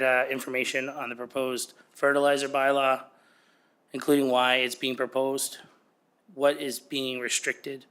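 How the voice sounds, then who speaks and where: Male committee member, a touch hoarse, monotone, crisp and bright, formal report peppered with fillers. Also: medium pitch. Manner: steady, with frequent "uh" and "um". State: a little hoarse. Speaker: committee member presenting to council. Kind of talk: formal report at a council meeting.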